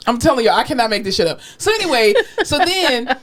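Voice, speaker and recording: A woman's voice: fairly quick, background noise. A woman co-hosting a podcast, telling patient stories in casual chat, acting out the voices in her quotes and laughing often, candid and profane. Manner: animated, acts out quotes with big pitch jumps, laughs often. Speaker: podcast co-host, rehab therapist.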